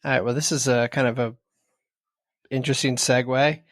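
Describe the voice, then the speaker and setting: A man's voice: mid-range voice, steady tone, moderate pace, dry recording, studio quality. A man co-hosting a podcast, easygoing as he asks the guest questions. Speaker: podcast co-host. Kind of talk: casual conversation.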